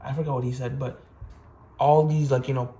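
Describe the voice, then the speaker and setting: A man's voice: medium pitch, level tone, brisk, dark tone. A young man talking casually to camera in a self-improvement vlog, rambling earnestly with many fillers and restarts. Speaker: vlogger.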